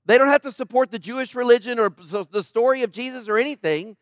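A man's voice: very high-pitched, fast, no echo, clean studio sound. A middle-aged man preaching a sermon in an emphatic, conversational way, often asking questions.

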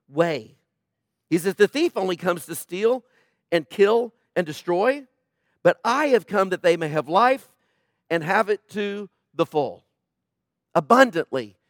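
Delivering a sermon, this man of the cloth presses his congregation with emphatic questions, his voice moving from booming stress down to hushed lows. The sound is clean studio audio with no echo.

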